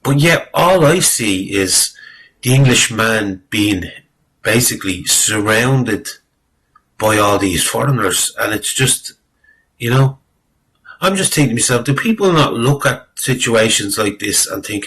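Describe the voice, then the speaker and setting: A man's voice: medium pitch, lively intonation, unhurried, fairly bright tone, husky, low-quality recording. A man giving rambling, exasperated spoken commentary on a clip, swearing freely and using lots of fillers. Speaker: video commentator.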